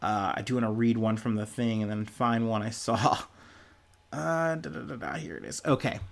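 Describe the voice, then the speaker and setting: A man's voice: on the low side, moderate pace, vocal fry. A young man hosting a podcast, giving casual, profane, sarcastic news commentary and often laughing. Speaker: podcast host.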